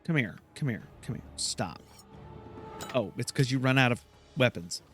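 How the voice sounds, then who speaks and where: A man's voice: mid-range voice, lively intonation, moderate pace, a bit bright, faint music behind. A man commenting on his gameplay in a rambling, chatty, self-deprecating way. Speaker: gameplay host. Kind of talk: let's play commentary.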